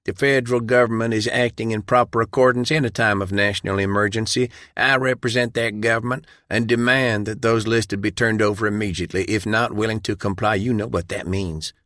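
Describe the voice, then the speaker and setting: A man voicing a smooth, commanding male federal official who speaks in a cold, formal way. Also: lowish voice, fairly even intonation, a little fast, few pauses, fairly bright tone, dry recording, studio quality, close to an everyday voice.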